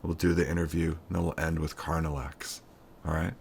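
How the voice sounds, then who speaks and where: A man's voice: very deep voice, flat delivery, brisk, vocal fry, darkish tone, slight background noise. A man hosting a music show, talking casually and unscripted to camera with many fillers and self-deprecating asides. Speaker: show host. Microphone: webcam-style camera close up.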